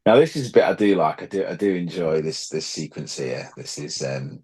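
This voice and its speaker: A man's voice: a bass voice, expressive, brisk, warm tone, slightly rough. A man co-hosting a podcast, rambling through his points in casual chat. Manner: rambling, many fillers and laughs. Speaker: podcast co-host.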